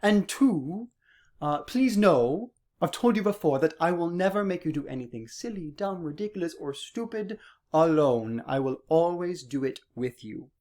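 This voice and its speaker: A man's voice: a little high, expressive, moderate pace, a little mellow. A young man teaching a singing lesson to his students, playful and sometimes exaggerating his vowels and consonants to demonstrate. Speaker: music teacher.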